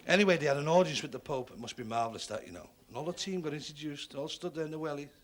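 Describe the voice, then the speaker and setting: A man's voice: on the high side, fast, long pauses, background noise. Chatty male comedian, laughing crowd. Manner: chatty, talks to the audience. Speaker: stand-up comedian. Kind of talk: stand-up joke telling with audience banter. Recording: 1970s TV studio audio with audience laughter.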